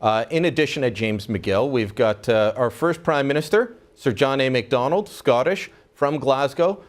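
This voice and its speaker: A man's voice: mid-range voice, lively intonation, moderate pace. A man from Canada hosting a casual talk, explaining things conversationally with many fillers. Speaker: host. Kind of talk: casual chat.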